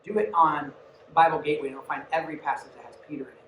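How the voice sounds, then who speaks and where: A woman with a deep voice talks rapid-fire over a noisy background, delivering a youth sermon in a church. As the youth pastor, she is conversational and animated, tossing asides to her listeners. The room echoes and the mic sits at a distance.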